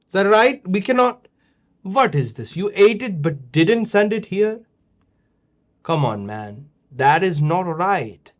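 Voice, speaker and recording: A middle-aged man hosting a kids' show, judging their videos with playful teasing and mock-scolding. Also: sits high. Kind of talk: casual chat.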